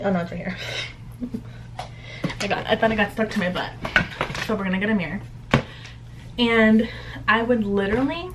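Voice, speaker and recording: A woman's voice: medium pitch, fairly bright tone, slight background noise, poor audio. A young woman vlogging at home in a chatty, upbeat, candid way, full of "like" fillers. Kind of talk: casual chat to camera.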